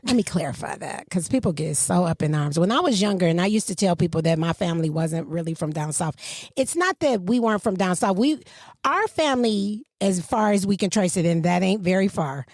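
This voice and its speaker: A woman, co-hosting a podcast in casual chat and telling stories with swooping pitch. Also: brisk, no room sound, clean studio sound. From Michigan. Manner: animated storyteller, swooping pitch. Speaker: podcast co-host.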